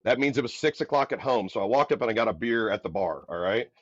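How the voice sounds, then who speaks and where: A man from the Midwest, a podcast guest, telling a story in a loud, energetic, casual way. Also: on the low side, fast, dry recording. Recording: dull, dry podcast audio.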